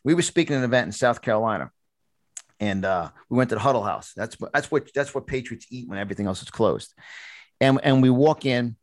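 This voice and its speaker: A man's voice: medium pitch, brisk, no echo. Preachy man host telling stories. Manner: animated, repetitive restarts, preachy. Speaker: podcast host and conservative speaker. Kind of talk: storytelling in a talk show. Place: studio.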